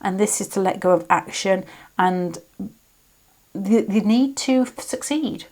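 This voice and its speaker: A woman's voice: medium pitch, unhurried, a little mellow. A British woman giving a casual, rambling tarot reading, often breaking off and restarting her sentences. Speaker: tarot reader.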